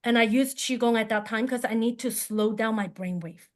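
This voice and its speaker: A woman who teaches qigong, telling a personal story in an animated way and sinking into a soft, calm tone when describing calming down. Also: on the high side, moderate pace.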